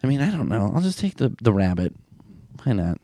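A man's voice: on the low side, big pitch swings, brisk, warm tone, no echo. Sarcastic, rambling man, dry sound. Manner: rambling, sarcastic, swears often. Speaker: comedian. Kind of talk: profane comedic riffing.

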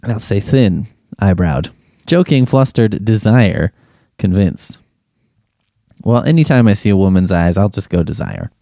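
A man's voice: on the low side, animated, measured pace, vocal fry, long pauses, dark tone, dry recording, studio quality. A man hosting a comedic solo podcast, giving crude, sarcastic and exasperated running commentary as he takes a quiz. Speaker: podcast host.

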